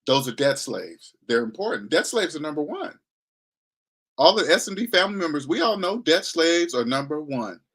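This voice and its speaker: A man's voice: on the high side, big pitch swings, moderate pace, fairly bright tone, breathy edge. A man giving a blunt, slangy money lecture in a casual monologue. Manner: blunt, lecturing, slangy, mocking voices he imitates. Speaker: finance commentator.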